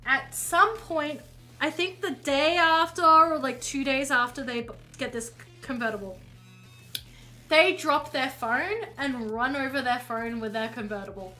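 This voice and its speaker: Bright high-voiced woman streamer. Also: unhurried, low-quality recording. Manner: rambling, self-correcting storyteller. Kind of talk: casual story time while painting. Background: faint music.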